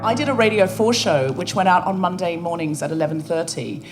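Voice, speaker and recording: A woman co-hosting a comedy podcast, telling wry, animated stories to a live audience on a stage microphone. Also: on the low side, over loud music. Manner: wry, animated, quick to joke and quote others. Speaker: podcast co-host.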